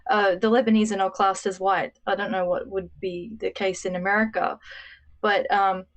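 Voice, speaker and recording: A woman's voice: mid-range voice, level tone, normal speed, dull audio. Wry woman. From Australia. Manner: thoughtful, wry, laughs along. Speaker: podcast co-host. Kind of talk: casual chat.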